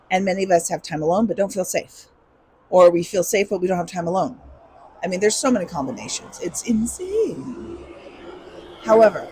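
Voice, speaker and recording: A woman's voice: mid-range voice, a little mellow, a little hiss or hum, low-quality recording. A woman talking candidly and emotionally in a personal vlog, reflective and earnest, sometimes swearing. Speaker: vlogger.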